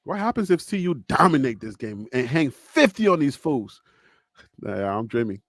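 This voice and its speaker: A man hosting a casual sports talk show from a studio, loud and teasing, laughing often. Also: mid-range voice, sing-song, moderate pace, no echo. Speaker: podcast host. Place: home studio.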